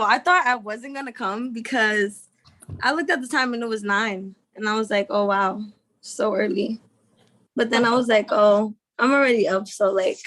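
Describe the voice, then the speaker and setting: A young woman graduating, speaking in a relaxed, easygoing way over a video call. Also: on the high side. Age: young adult. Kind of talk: casual speech on a video call.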